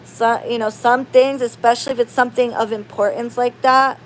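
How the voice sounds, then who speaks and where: A woman chatting casually to her viewers, rambling and expressive, going from loud outbursts to low murmurs. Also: fairly quick, a little hiss or hum. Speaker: spiritual practitioner and channel host. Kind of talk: casual chat to camera.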